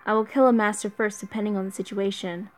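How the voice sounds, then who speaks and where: A woman voicing a calm, stern male warrior servant from a game, speaking in a measured, formal way. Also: mid-range voice, natural voice.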